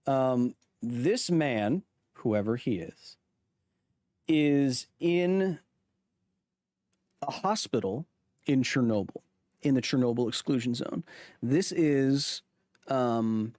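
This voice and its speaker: A man's voice: medium pitch, expressive, slow pace, long pauses, a little mellow, no room sound, clean studio sound. A man in his thirties hosting a science podcast livestream, chatting loosely and jokingly with viewers, full of fillers and restarts. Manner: jokey, teasing back at chat. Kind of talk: casual live-stream chat reading viewer comments.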